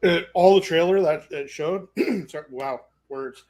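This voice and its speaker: A man's voice: on the high side, a little slow, a little mellow. A man, a guest on a casual chat show, rambling eagerly with lots of ums and restarts. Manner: rambling, eager fan with many fillers.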